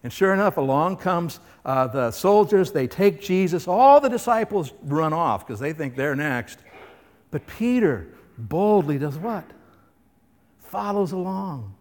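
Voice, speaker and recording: A pastor preaching a sermon, emphatic and fond of asking his listeners questions. His voice sits somewhat high for a man. It carries the long reverb of a large hall. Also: very animated, a little slow, a little mellow. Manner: emphatic, full of rhetorical questions.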